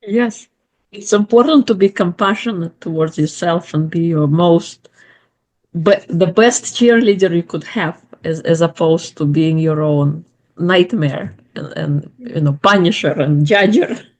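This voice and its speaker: A woman's voice: fairly low pitch, measured pace, darkish tone. A woman hosting an interview show, affirming her guest enthusiastically before asking the next question. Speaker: podcast host.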